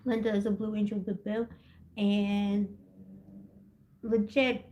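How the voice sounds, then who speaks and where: A woman's voice: mid-range voice, flat delivery, slow pace, warm tone, lo-fi sound, a little hiss or hum. A woman hosting a live tarot stream, chatting casually and rambling from topic to topic with lots of "like" and "you know," often laughing. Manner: rambling and giggly, jumps between topics; heavy use of "like" and "you know". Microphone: built-in device mic, no separate mic.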